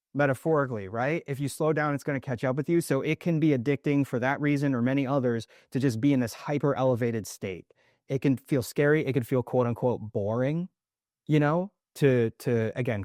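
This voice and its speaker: A man's voice: mid-range voice, a little mellow, no echo, studio quality. Reflective man hosting a chat. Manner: reflective, rambling with restarts and "right?". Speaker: podcast host. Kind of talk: casual conversational interview.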